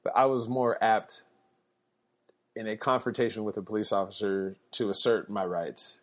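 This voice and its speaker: A man's voice: lowish voice, steady tone, normal speed. A man telling a story in a laid-back way on a podcast, laughing now and then. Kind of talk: casual storytelling.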